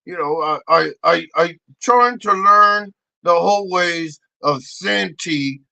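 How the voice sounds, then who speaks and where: A man's voice: high-pitched, slow pace, creaky, bright, forceful tone, no room sound, rough recording. A man doing a comedy sketch, answering in mumbled, stammering denials. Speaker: comedy creator.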